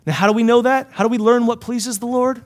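High-voiced man preaching with emphasis. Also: steady tone, fast talker. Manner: emphatic, swinging between loud and hushed; asks the listeners many questions. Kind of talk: sermon. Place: Bible college chapel.

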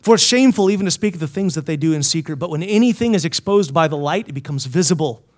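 A high-pitched man delivers a sermon to a Bible college chapel. He keeps asking his listeners questions and swings between forceful emphasis and quiet, hushed lines. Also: lively intonation, quick pace. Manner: asks the listeners many questions. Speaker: preacher.

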